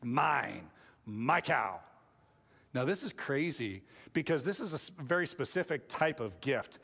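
A man preaching a sermon in lively storytelling fashion, acting out kids and parents along the way. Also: fairly high pitch, normal speed. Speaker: pastor. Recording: long hall reverb.

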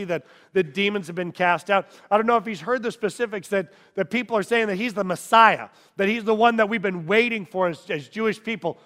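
High-voiced preacher in a reverberant hall. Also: male voice. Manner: dramatic storytelling, shifting from hushed to shouting. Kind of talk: sermon.

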